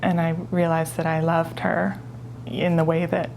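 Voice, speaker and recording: A woman speaking as a mother in an interview, her low voice heavily gravelly and flat in tone. She sounds subdued and reflective. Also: measured pace, slight background noise, low-quality recording.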